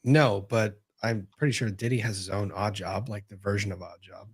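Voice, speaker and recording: A man's voice: fairly low pitch, fairly even intonation, normal speed, breathy edge. A man hosting a casual online legal panel chat over a video call, wry and joking. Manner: wry, joking, talks to his dog in a soft voice. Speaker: show host.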